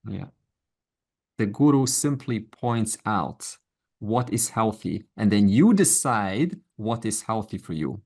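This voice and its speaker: A man's voice: on the low side, expressive, takes it slowly, darkish tone, breathy edge. A middle-aged man teaching a Vedanta class online, speaking conversationally and encouragingly, with asides and quoted voices. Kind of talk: informal lecture to an online class.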